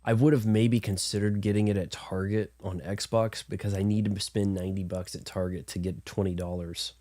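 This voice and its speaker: A man with a deep, warm voice, thickened by congestion from being sick. He rambles in loose, chatty game commentary and pokes fun at himself as he plays. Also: level tone, moderate pace. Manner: rambling, chatty, self-deprecating. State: congested from illness. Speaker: streamer. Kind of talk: casual gameplay commentary.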